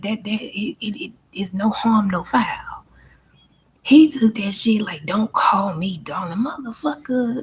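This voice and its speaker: A woman who hosts her own channel and works as a life coach vents bluntly and emphatically in a casual monologue, swearing often and repeating herself. Her voice is mid-range with a breathy edge.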